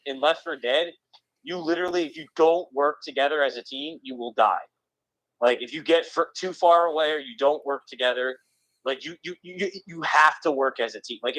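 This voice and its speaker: A man's voice: on the high side, a bit bright, no echo, poor audio. A young man chatting casually about video games, rambling with lots of restarts.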